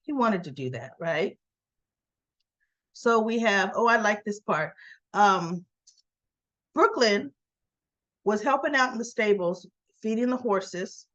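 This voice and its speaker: A woman's voice: mid-range voice, expressive, slow, pauses often, fairly bright tone, dull audio. Chatty woman recapping a soap. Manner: chatty, retells scenes with "she goes" quotes. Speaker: soap opera recap vlogger. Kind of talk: casual episode recap.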